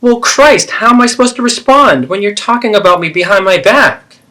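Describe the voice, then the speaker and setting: A defensive, self-pitying middle-aged mother, played by a man swoops through a lively, expressive pitch as she deflects blame and guilt-trips. It is a therapeutic role-play, and her tone stays wounded and evasive. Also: normal speed.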